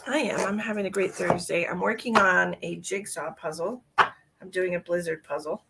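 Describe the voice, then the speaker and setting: A woman's voice: lowish voice, steady tone, normal speed, gravelly, heavy background noise. A woman, a psychic medium, chatting casually on her live stream, greeting viewers by name and rambling through small talk.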